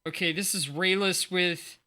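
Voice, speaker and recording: Unboxing cards on his livestream, this man in his forties chats in a sleepy morning voice, wandering from thought to thought and making fun of himself. He speaks at a measured pace, pitched high, with fairly even intonation and a bright, forceful tone.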